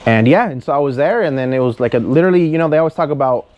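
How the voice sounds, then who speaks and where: A man's voice: on the high side, expressive, racing, dry recording, highs cut off. Rambling man telling a story. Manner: rambling, full of "you know" and "right". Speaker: guest. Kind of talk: casual storytelling chat.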